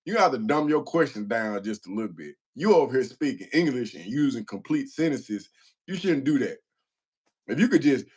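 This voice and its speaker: A man hosting a casual livestream, telling stories with a self-mocking, slangy manner and laughing often. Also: mid-range voice. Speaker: livestream host. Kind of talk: casual livestream chat reading comments.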